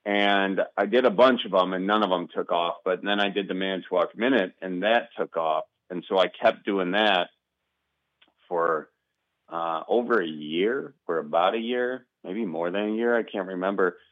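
A man with a Wisconsin accent, a comedian chatting as a guest in an interview, relaxed and rambling with lots of ums. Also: low-pitched, normal speed, dry recording, lo-fi sound. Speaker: guest, comedian and video maker. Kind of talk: casual interview chat.

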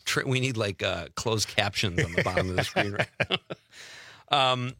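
A man's voice: on the low side, animated, normal speed, bright, forceful tone, dry recording, clean studio sound. A man with a Wisconsin accent hosting a casual radio talk show and reading listener messages. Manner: chatty, reads listener messages aloud. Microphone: studio mic.

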